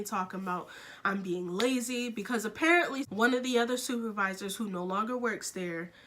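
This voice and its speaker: A young woman tells her story in a bright, forceful voice at a middle pitch. She speaks frankly and sounds exasperated, rushing through some lines in quick bursts. She keeps to a casual vlog delivery. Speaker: vlogger.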